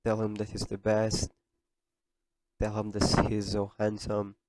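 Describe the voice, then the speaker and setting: Podcast host, young man, low register, tearful sincerity, dry close mic. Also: monotone, a little slow, dry recording. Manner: emotional, tearful, earnest. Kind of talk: heartfelt podcast monologue.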